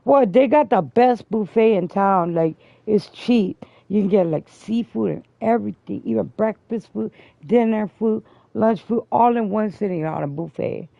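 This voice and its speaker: With a gravelly voice at normal speed and hardly a pause, this female host tells a drawn-out story on stream, swearing all the way. When she quotes people she goes loud and high; the audio is dry, dull, and lo-fi.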